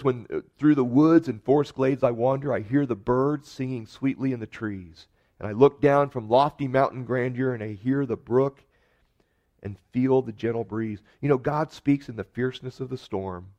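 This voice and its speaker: A man preaching a sermon earnestly, rising to emphatic peaks and dropping to soft, quiet lines. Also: mid-range voice, highs cut off. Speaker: pastor.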